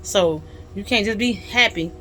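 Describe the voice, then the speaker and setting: A woman's voice: mid-range voice, measured pace, sharp tone, poor audio. A woman with a Southern US accent talks through history like a casual lesson, chatty and folksy, full of asides. A faint hum of vehicles sits behind her voice. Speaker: host teaching history. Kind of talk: casual explainer talk.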